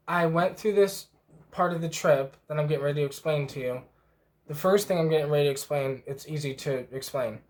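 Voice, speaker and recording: A man vlogging a rambling first-person trip report, emotionally stirred and swearing freely with many fillers. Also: on the high side.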